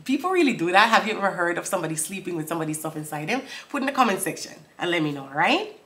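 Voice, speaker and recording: A woman breaking down song lyrics for viewers, laughing often and reading lines out slowly before explaining them. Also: on the low side, very animated, fairly bright tone. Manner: talks straight to viewers, asks for comments. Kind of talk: casual chat.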